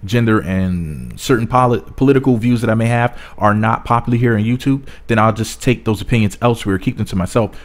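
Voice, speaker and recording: A man talking bluntly to camera in a casual commentary vlog, rambling with many restarts. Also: lowish voice. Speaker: YouTube commentator.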